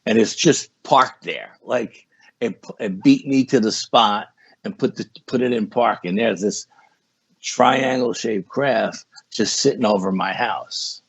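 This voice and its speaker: Gravelly, husky man telling a story. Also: fairly low pitch, slow pace, no room sound. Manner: rambling, repeats words and says 'you know' often. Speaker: podcast guest. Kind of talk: casual storytelling. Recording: dull lo-fi sound.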